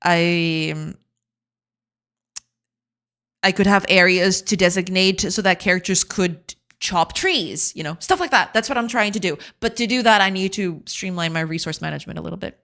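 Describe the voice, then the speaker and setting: A woman's voice: fairly low pitch, normal speed, a bit bright. Chatty woman game dev on stream. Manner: chatty, laughs often, restarts mid-sentence. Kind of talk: casual livestream chat.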